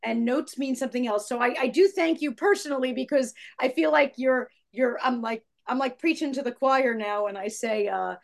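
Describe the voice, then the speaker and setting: A woman hosting an interview, warmly enthusiastic and quick to praise her guest. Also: high voice, vocal fry. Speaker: podcast host. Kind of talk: conversational interview.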